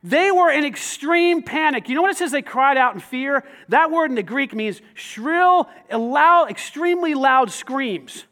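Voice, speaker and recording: A man preaching a sermon, animated and conversational, swinging from loud emphasis to quiet asides and asking the congregation questions. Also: very high-pitched, measured pace, hardly any pauses. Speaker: pastor.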